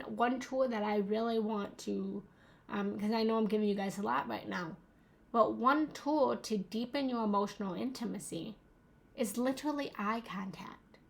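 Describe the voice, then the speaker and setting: In a fairly high voice, a young adult woman gives a motivational talk in her role as a relationship coach. She's earnest and emphatic and repeats her key phrases.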